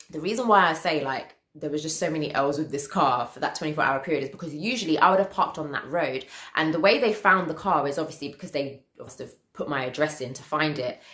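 Low-voiced British woman telling a story. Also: reverberant. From United Kingdom. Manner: animated, acts out quotes, laughs often. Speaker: vlogger. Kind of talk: casual storytelling.

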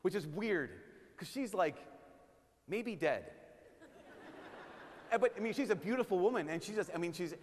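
A man preaching as a priest, in an animated, joking way that slips into impressions. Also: high voice, moderate pace, long pauses, slight background noise. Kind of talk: sermon. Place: church. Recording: long church reverb.

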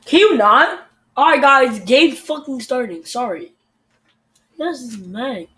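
A teenage gamer giving live gameplay commentary, frustrated, swearing and breaking into loud outbursts. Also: sits high, animated, takes it slowly. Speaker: gamer recording a video.

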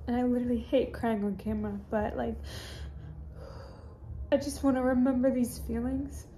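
A woman's voice: on the high side, steady tone, moderate pace, dark tone, slight background noise. A young woman vlogging into her phone with a teary, crying voice, gushing and saying "like" constantly, in a hotel room. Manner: gushing, heavy use of "like". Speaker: fitness influencer. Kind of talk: casual vlog confession.

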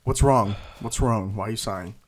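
A man hosting casual gameplay commentary, swearing freely and yelling at in-game scares. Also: on the low side, moderate pace, husky. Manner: profane, shrieks and yells at in-game scares. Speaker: gaming channel host.

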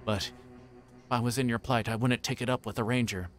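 A man's voice: medium pitch, steady tone, brisk, natural voice. A man voicing a fussy, anxious middle-aged male innkeeper who stammers, in a book reading. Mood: grumbling. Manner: flustered, stammering.

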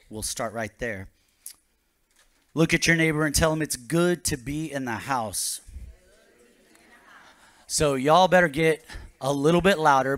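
Bright-voiced pastor preaching a sermon. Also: male voice, fairly high pitch, no echo. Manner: preaching with rising bursts of energy.

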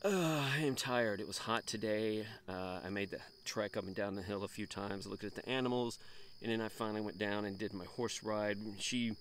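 Middle-aged male vlogger, low voice, chatty, recorded outdoors with animal noise. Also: normal speed. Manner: chatty, rambling, relaxed. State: out of breath. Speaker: camping vlogger. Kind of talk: casual vlog narration. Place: outdoors on a farm.

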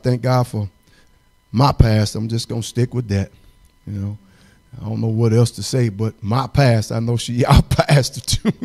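A man's voice: medium pitch, vocal fry. A man preaching a fervent, folksy sermon in a church, chuckling and breaking into song.

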